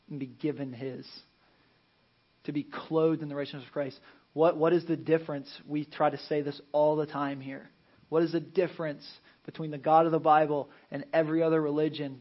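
Man preaching a lively sermon. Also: a little high, lo-fi sound. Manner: conversational preaching, dropping to a hush for emphasis; acts out Bible scenes in playful character voices. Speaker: pastor.

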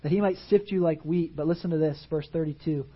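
Husky high-voiced preacher man. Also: fast, dull audio. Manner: animated preaching, rhetorical questions to the congregation. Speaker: pastor. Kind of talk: sermon. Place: church sanctuary.

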